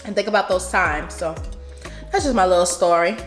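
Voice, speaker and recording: A woman's voice: fairly low pitch, fairly quick, reverberant, soft background music. A woman with a New York accent chatting casually over a meal for a vlog, telling a story with frequent laughs. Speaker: vlogger. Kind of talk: casual mukbang chat. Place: home room, eating at a table.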